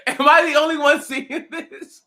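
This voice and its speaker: A man ranting casually and profanely, mocking someone, often breaking into loud laughter and shouts while a little tipsy. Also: very high-pitched, steady tone, unhurried. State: tipsy from drinking. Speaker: commentator reacting to a commenter. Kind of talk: casual reaction rant.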